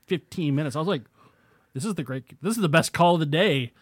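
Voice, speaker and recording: Rambling excitable man, slightly high voice. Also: fast talker, no room sound, clean studio sound. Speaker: podcast co-host. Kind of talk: casual chat.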